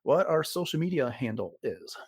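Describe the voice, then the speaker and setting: A man co-hosting a fan podcast, talking casually and with excitement, often pausing with fillers. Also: on the high side, slightly rough, no room sound, studio quality. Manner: enthusiastic fan, relaxed with fillers. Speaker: podcast co-host. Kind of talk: casual chat.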